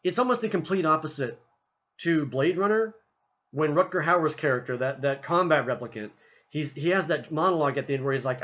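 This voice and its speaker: A man talking casually about a film he just saw, rambling with lots of restarts and acting out scenes in quick voices. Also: on the high side, fairly bright tone, highs cut off. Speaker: movie reviewer.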